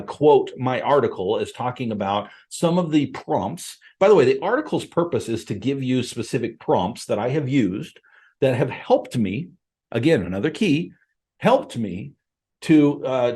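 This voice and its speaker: A middle-aged man hosts a podcast, speaking straight into the camera in a casual way. His voice sits at a middle pitch, and he sounds earnest and plain-spoken. He often restarts his sentences and uses fillers along the way. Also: darkish tone. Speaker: podcast host and appraiser coach. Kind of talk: casual direct-to-camera talk.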